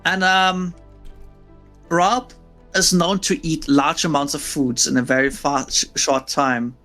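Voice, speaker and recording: A woman's voice: deep voice, steady tone, slow, fairly bright tone, soft background music. A woman streamer hosting a casual gaming chat, laid-back and tired, who swears casually. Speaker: streamer host.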